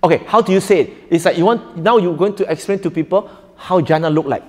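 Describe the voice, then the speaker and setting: A man's voice: high voice, quick pace, darkish tone, big-room sound. A man teaching a live audience in an interactive lecture, joking often and quizzing listeners. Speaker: preacher teaching a workshop.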